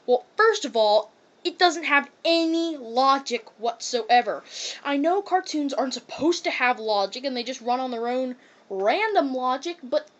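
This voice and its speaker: A high-pitched woman rants about a cartoon in a casual, rambling way. She strings thoughts together with constant "um"s and "like"s as she reviews. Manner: rambling, heavy on fillers like "um" and "like".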